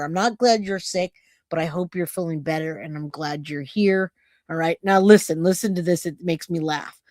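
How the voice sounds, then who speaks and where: A woman's voice: fairly low pitch, darkish tone, no room sound, studio quality. Chatty woman hosting a true crime livestream. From California. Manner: chatty, laughing, reads out viewer thanks. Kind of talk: casual livestream chat.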